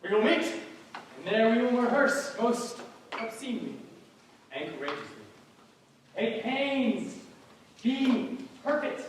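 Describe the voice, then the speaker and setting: A man playing a boastful, hammy weaver on stage, loud and showy, eager to play every part. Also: extremely high pitch, animated, slow pace, pauses often, noisy background, heavily acted. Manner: loud, showy, swooping delivery. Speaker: stage actor. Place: theater stage. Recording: echoey stage from far off.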